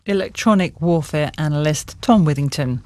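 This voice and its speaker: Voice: mid-range voice, moderate pace, darkish tone, no room sound. News anchor reading headlines, dead dry studio sound, formal. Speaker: news presenter.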